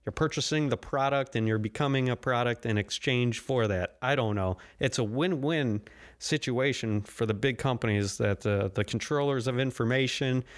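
Rambling, sarcastic male podcast host. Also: medium pitch. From United States. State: caffeinated. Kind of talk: solo podcast monologue.

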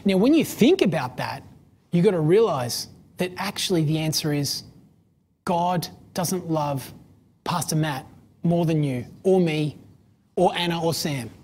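A woman preaching a sermon in an easy, conversational way, with plenty of fillers and questions put to her listeners. Her voice is husky and breathy. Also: deep voice, animated, a little slow, a little mellow.

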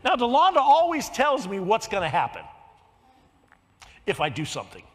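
Older male pastor, strikingly high voice, preaching in a reverberant church hall, with soft lines and shouted emphasis. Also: huge pitch swings, moderate pace, a little hiss or hum. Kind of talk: sermon.

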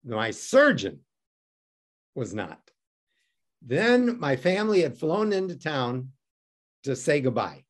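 Lively wry man from Detroit. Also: fairly high pitch, slow pace, long pauses. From Detroit, USA. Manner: wry, self-mocking, acts out quoted dialogue. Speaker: guest. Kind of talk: animated storytelling.

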